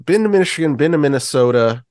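A man's voice: on the high side, lively intonation, quick pace, a little mellow, no room sound, clean studio sound. A man co-hosting a podcast, trading crude, mocking jokes in casual comedic chat. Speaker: podcast co-host.

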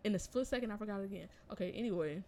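A woman's voice: medium pitch, rapid-fire, mellow, slight background noise. A young woman in her twenties co-hosting a casual podcast, rambling with lots of fillers. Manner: rambling, filler-heavy, trailing off. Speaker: podcast co-host. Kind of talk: casual chat.

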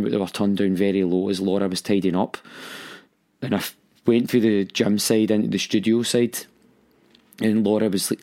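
A man with a Scottish accent recounting a painful personal story in a halting, emotional way. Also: on the low side, dark tone.

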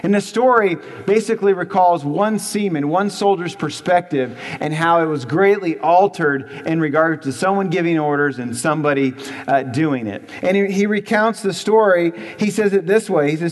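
An earnest male pastor preaches in a church, his voice sitting a little high for a man. He presses his points with repetition and rhetorical questions. A long reverb from the hall trails after him. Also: normal speed. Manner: earnest, emphatic, repeats for stress, rhetorical questions. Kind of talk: sermon.

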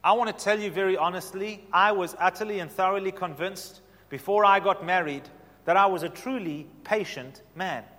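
A man preaching a sermon with passion, his delivery swinging from loud to soft. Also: high voice, normal speed, big-room sound. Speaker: pastor.

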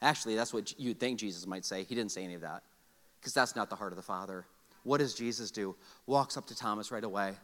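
A man preaching a sermon as a pastor in a church, energetic and joking, often calling on the congregation to answer. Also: lowish voice, quick pace. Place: church sanctuary. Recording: long hall reverb.

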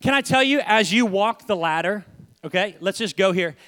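High bright-voiced young preacher. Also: male voice, moderate pace. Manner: energetic, conversational, repeats phrases. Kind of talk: sermon.

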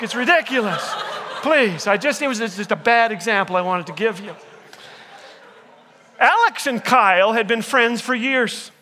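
An older man giving a humorous sermon to a live audience, telling jokes and stories and teasing the crowd when jokes fall flat. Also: extremely high pitch, a little slow, big-room sound, a little hiss or hum. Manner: jokey storyteller, teases the audience. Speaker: chapel speaker.

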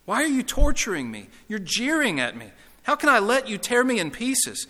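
Pitching well above his natural voice, a man performs a whining, cowardly male ghost who stammers, whimpers and pleads in panic. The exaggerated voice is very high, with wildly swooping pitch, a bright, forceful tone and a moderate pace, echoing in a reverberant hall.

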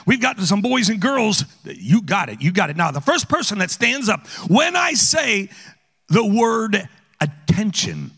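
Animated, high-voiced male guest preacher. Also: measured pace, creaky, slightly rough, big-room sound. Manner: animated, teasing, calls out to the audience. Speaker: guest speaker. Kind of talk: playful sermon with audience interaction. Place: church auditorium.

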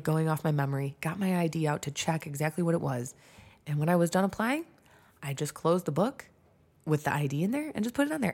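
A woman's voice: low-pitched, a little mellow. A young woman telling a long personal story in casual chat, swearing freely and filling her talk with likes and ums. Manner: chatty, swears freely, lots of fillers and restarts.

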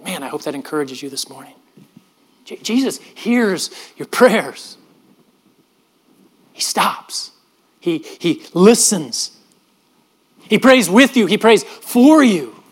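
A middle-aged man, a pastor, preaching a sermon in an earnest manner, often dropping his voice softly and repeating words as he goes. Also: high voice, big pitch swings, slow pace, breathy edge. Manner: earnest, with frequent soft drops and repeated words.

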